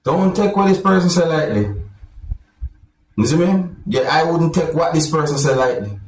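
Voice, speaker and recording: A man, hosting a vlog and commenting on clips in a casual, animated way. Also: fairly high pitch, moderate pace, roomy sound, far from the mic, low-quality recording. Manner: animated, repeats "my people". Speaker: vlog host.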